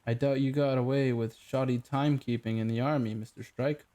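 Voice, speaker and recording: A man's voice: mid-range voice, fairly even intonation, a little fast, dark tone, close to an everyday voice. A man doing a sneering, arrogant company director. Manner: haughty, sneering. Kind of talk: audiobook character voice.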